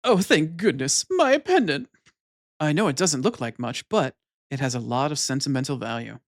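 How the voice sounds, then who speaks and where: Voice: expressive, normal speed, no echo, studio quality, lightly acted. A streamer putting on a bouncy girlish princess. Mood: relieved. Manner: high, bright girlish put-on voice. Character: cheerful bouncy tomboyish young princess. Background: game music.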